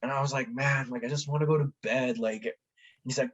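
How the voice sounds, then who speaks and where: Animated man telling a travel story. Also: mid-range voice, brisk, dull audio. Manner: animated, acts out quoted voices, says "like" often. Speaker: podcast guest. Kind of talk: casual storytelling.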